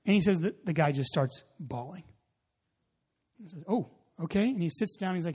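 A man preaching a sermon, telling a story in a loose, casual way with many fillers, then building to loud emphasis. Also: on the high side, fairly quick, husky. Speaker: pastor. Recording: long hall reverb.

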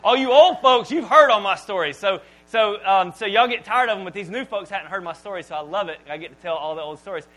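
A man preaching a sermon, swinging from hushed, slow phrases to loud bursts. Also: poor audio. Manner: dramatic pauses, drops to near-whisper, then booms. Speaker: pastor.

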